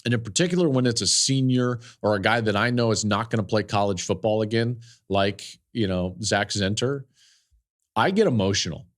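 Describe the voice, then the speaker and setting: A man's voice: lowish voice, a little fast, hardly any pauses. A man hosting a podcast, telling a story in an earnest, emotional way with fillers and repeated phrases. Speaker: podcast host and football analyst.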